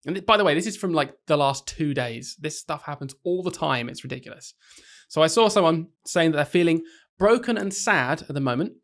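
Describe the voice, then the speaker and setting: A man's voice: fairly high pitch, lively intonation, fairly quick, few pauses, a bit bright. A young man hosting a casual podcast, joking and teasing his co-host.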